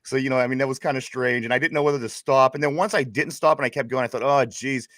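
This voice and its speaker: A man's voice: medium pitch, fairly even intonation, fairly bright tone, dry recording, studio quality. A man hosting a casual podcast chat, rambling and restarting his sentences. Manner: rambling, halting, with many restarts. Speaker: podcast host.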